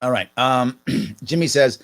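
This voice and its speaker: A man hosting a livestream reacts sarcastically to a political speech, talking back at the clip and answering viewer comments. His mid-range voice is smooth and a little slow.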